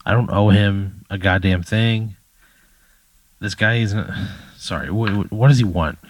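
A young man playing along in a comic scenario, deadpan and incredulous, swearing casually. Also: lowish voice, measured pace, dry recording. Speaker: player. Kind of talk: casual chat.

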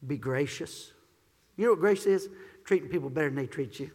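A man preaching a sermon as pastor, swinging from shouted praise to quiet, gentle teaching. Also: a little high, fairly quick, breathy edge, big-room sound.

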